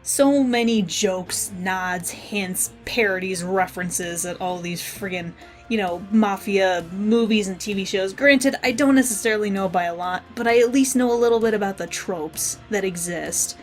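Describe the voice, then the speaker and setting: A woman's voice: mid-range voice, moderate pace, faint music behind. A woman giving a casual spoken review of a cartoon episode, rambling and frankly opinionated.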